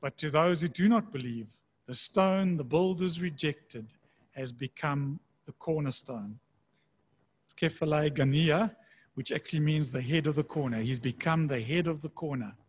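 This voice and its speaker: Husky preacher, higher voice. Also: male voice. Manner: conversational preaching, slowing for scripture readings. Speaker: pastor. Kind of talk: sermon.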